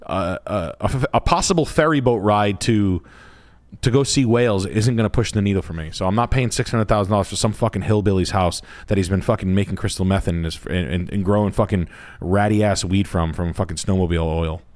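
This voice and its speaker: A man's voice: sits low, fairly quick, a little mellow. A man hosting a live stream as a realtor, talking in a rambling, blunt and profane way. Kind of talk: casual livestream chat.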